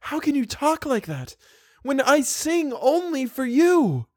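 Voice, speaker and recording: A man's voice: medium pitch, sing-song, moderate pace, no echo, studio quality. A man doing a Christine, trembling young diva voice. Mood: tearful. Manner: soft, tremulous, near a whisper. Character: young female opera singer, fragile and trembling.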